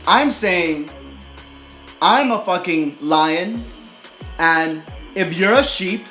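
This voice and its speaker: A man with a high voice talks in a blunt, aggressive, profane way, tagging "right?" onto nearly every line. His casual motivational monologue is recorded in an echoey room. Faint music plays behind him. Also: animated, slow pace, pushed and bright. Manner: profane, repeats "right?" constantly. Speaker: motivational video host.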